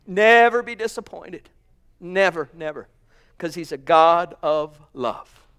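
Male preacher, high voice, smooth resonant tone, fervent, loud then hushed, sermon. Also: lively intonation, slow pace. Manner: fervent, swinging from loud exclamations to hushed asides.

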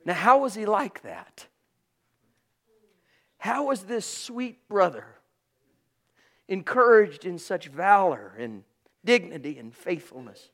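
Man, high voice, preacher, passionate sermon, loud and hushed by turns. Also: very animated, takes it slowly, pauses often. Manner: passionate, swings between loud calls and hushed asides.

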